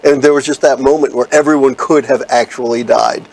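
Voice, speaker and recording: Podcast co-host, a man with a gravelly voice, easygoing and joking. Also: medium pitch, steady tone, darkish tone, rough recording. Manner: chatty, quick with jokes. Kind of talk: casual chat.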